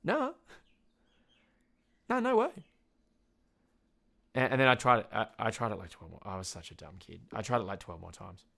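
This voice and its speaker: A young man from Tasmania with an Australian accent, ranting on a casual solo podcast. He rambles, trips over his words, swears freely and laughs at himself, at a middling pitch. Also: gravelly, a bit bright. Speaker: podcast host.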